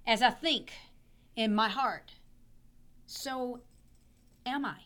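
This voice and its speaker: Woman pastor with a hoarse laryngitis voice, chatty preaching, keeps restarting her sentences. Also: a little high, slow pace, fairly bright tone. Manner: rambling, repeats words, clears throat. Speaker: pastor, podcast guest. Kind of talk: casual teaching chat.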